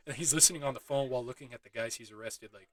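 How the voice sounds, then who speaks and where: A man recaps a movie in a loose, excitable way, swearing freely and breaking into laughs. His voice is bright and forceful. The sound is dry, with no room echo. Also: medium pitch, rapid-fire. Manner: excitable, swears often, laughs while talking. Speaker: movie reviewer. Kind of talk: casual spoiler recap.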